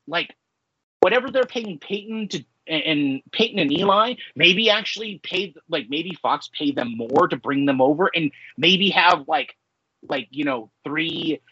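A man in his forties chats and rants in a loose, rambling way, with filler words stacking up. His voice is husky and bright, sitting a little high for a man. The podcast mic sounds dull and lo-fi, dry with no room echo. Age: 40s. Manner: rambling, many "like" fillers, ranting. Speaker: podcast co-host. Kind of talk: casual chat.

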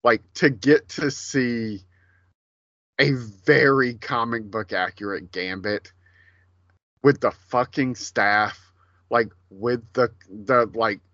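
A man co-hosting a podcast, chatting casually and profanely about a movie, rambling and animated. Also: mid-range voice, slow, no echo, lo-fi sound. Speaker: podcast co-host.

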